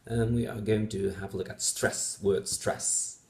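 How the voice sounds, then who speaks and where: A man's voice: lowish voice, flat delivery, a little slow, vocal fry, a little mellow. A man with Dutch as his first language, explaining test answers as a phonetics teacher, methodical, with many fillers and repeated example words. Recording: echoey room.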